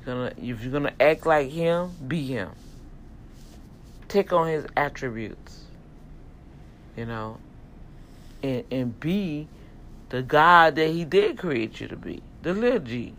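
Man vlogger, gravelly voice, preachy and emphatic, addressing viewers, slight background hiss. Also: on the high side, animated, takes it slowly, long pauses, a bit bright. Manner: emphatic, sermon-like exhortation; talks directly to viewers, folksy. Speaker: vlogger and self-publisher. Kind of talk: casual preachy rant to camera.

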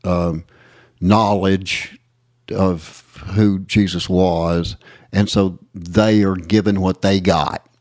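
Low-voiced East Texas man, rambling. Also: steady tone, a little mellow, no echo, clean studio sound. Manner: rambling, halting with fillers. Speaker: co-host. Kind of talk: casual radio talk.

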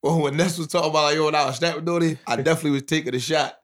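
A young man in a casual group chat, retelling a heated moment in slang with excited energy. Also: on the high side, racing.

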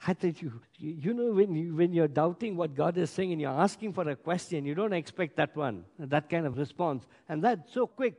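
Male pastor, high tone, emphatic sermon delivery, reverberant church hall. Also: lively intonation, a little fast. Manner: emphatic preaching with sudden loud and quiet swings. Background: congregation.

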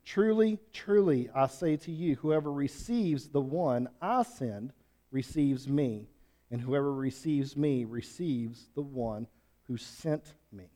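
A man's voice: medium pitch, slow pace, mellow. A man teaching a Bible passage in a folksy, conversational way, with asides and restarts. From Switzerland. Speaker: pastor.

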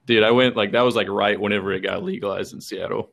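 A young man tells stories on a casual podcast, looping through fillers and dropping curses as he goes. His voice sits low and has a gravelly edge to it. The delivery is loose, conversational and unpolished. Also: steady tone, fast talker, fairly bright tone. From Texas. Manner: rambling storytelling, swears freely, fillers. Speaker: podcast co-host. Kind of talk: casual chat.

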